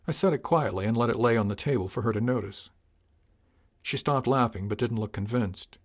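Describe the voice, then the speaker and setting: Calm man narrating a sci-fi story. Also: on the low side, brisk. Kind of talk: scripted audiobook narration.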